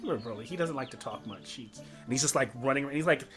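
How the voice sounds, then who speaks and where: A man at medium pitch running a tabletop game, rambling along with plenty of likes and ums. Faint music plays in the background. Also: animated, fast talker, a bit bright. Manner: rambling, full of fillers. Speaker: game master.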